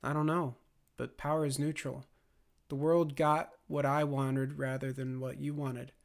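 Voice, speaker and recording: A man voicing a composed, powerful woman in an audiobook, speaking in a calm, measured way. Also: medium pitch, vocal fry. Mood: resolute.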